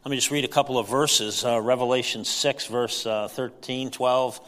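A man's voice: medium pitch, fairly even intonation, normal speed, a bit bright. A man preaching a sermon in a conversational way, with frequent fillers and emphatic rises. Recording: long hall reverb.

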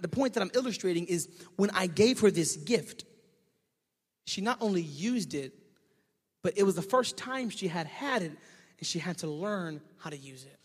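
A male pastor preaching a sermon, telling a story and swinging from shouting to hushed tones. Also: high voice, husky. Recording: echoey hall.

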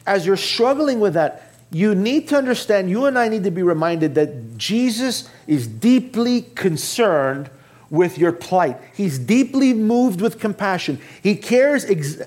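A man preaching a sermon earnestly, dropping low and quiet for emphasis and asking his listeners direct questions. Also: very animated, unhurried. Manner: addresses the congregation directly with questions. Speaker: pastor.

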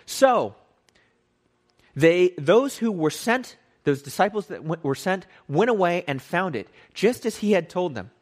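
A man teaching from the Bible in a casual sermon style, animated and conversational, often repeating and correcting himself. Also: sits high, unhurried.

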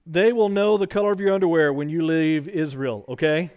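Middle-aged male Bible teacher, slightly high, smooth resonant voice, loose rambling delivery with jokes and fillers. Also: fairly even intonation, a little fast, darkish tone, lo-fi sound. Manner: chatty, rambling, joking, many fillers and restarts. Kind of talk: casual teaching to a small group. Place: church classroom.

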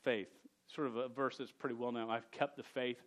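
A man's voice: medium pitch, level tone, normal speed. A man preaching a sermon with a stutter, often repeating words, speaking earnestly and directly to a young audience.

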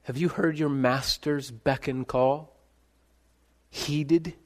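A man delivers a sermon at an unhurried, measured pace. His voice sits a little on the high side, and he moves between quiet, intimate questions and loud, ringing calls. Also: fairly even intonation. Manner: dramatic shifts between soft and loud, calling out names. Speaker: pastor.

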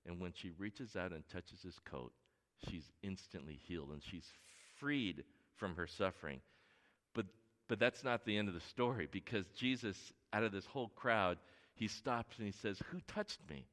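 A middle-aged male pastor preaching a sermon with a bright, forceful tone on a fairly low voice. He tells stories earnestly, dropping to a hush and then pressing hard. A long reverb hangs in the hall behind him. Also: normal speed. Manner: earnest storytelling, swings between hushed and emphatic.

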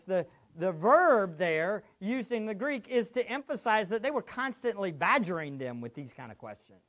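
Preacher, quiet to loud. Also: male voice, sits high, lively intonation, normal speed, dull audio. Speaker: pastor. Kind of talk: sermon.

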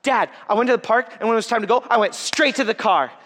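A man's voice: very high-pitched, fast talker, fairly bright tone, long reverb tail, voice pushed up. A man voicing his sensitive four-year-old daughter, in a whiny, pleading little-kid way, during a sermon. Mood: proud.

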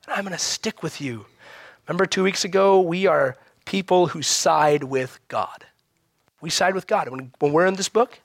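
A married man, a pastor, preaching a sermon with animated acted-out quotes and humor. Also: on the high side, no echo, studio quality. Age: adult married man.

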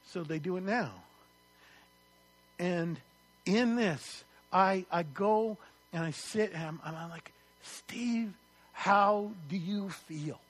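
A man preaching a sermon as pastor, lively and conversational, asking his congregation rhetorical questions. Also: on the high side.

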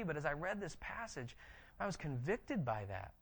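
Male pastor, higher register, animated teaching sermon with frequent restarts. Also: normal speed, breathy edge. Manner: conversational, animated, frequent restarts and tag questions.

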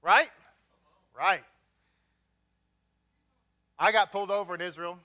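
Texan male preacher, high bright voice, casual sermon with wisecracks. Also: slow. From Texas. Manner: conversational, joking asides.

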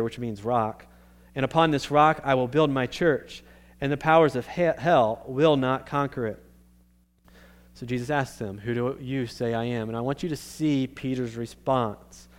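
A man's voice: medium pitch, clean tone. A male pastor preaching a sermon in a conversational way, checking in with his listeners and restarting his phrases.

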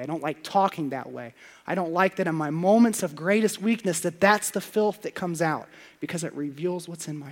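A man preaching a sermon as pastor, confessional, going from hushed prayer to loud, playful asides. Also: fairly high pitch, vocal fry.

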